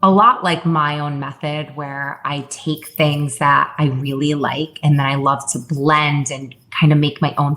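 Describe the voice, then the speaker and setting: Low-voiced woman chatting candidly. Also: a bit bright. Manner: chatty, many "like" fillers and restarts. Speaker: podcast guest, wellness founder. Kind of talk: casual interview chat.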